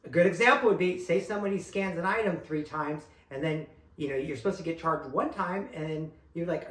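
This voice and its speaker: A man co-hosting a casual talk about work boundaries, animated and acting out what others say. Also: on the high side, fairly quick, few pauses, far from the mic. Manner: animated, acts out quoted lines. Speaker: co-host. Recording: echoey room.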